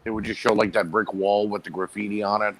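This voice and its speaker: A man's voice: lowish voice, fast, poor audio. A man co-hosting a podcast, telling stories animatedly in casual chat. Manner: animated storyteller, acts out quotes. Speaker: podcast co-host. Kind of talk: casual chat recapping wrestling.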